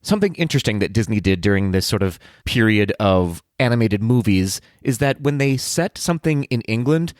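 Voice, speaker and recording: A man's voice: fairly low pitch, expressive, fairly quick, hardly any pauses, darkish tone, dry recording, studio quality. A man co-hosting a podcast, joking wryly and asking his co-host questions. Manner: wry, playful, asks questions. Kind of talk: casual podcast chat.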